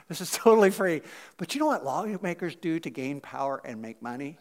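High-voiced man preaching a chatty sermon. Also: brisk. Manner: animated, swings between loud emphasis and quiet asides; chatty, with fillers and asides. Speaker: pastor. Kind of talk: casual conversational sermon.

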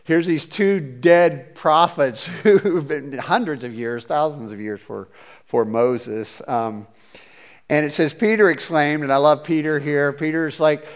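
A man preaching a conversational sermon, chatty and animated, with hesitant restarts as he talks. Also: on the high side, a little slow. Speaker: pastor.

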